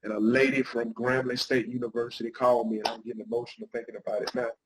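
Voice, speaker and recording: A man's voice: mid-range voice, little pitch movement, quick pace, a little hiss or hum, rough recording. A middle-aged man, a guest pastor and counselor, telling his life story in an interview with an earnest, heartfelt manner.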